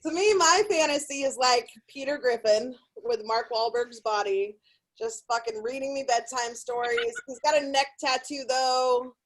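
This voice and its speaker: A woman's voice: high voice, moderate pace, low-quality recording. A young woman doing a brash, profane, self-deprecating stand-up set. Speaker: stand-up comedian.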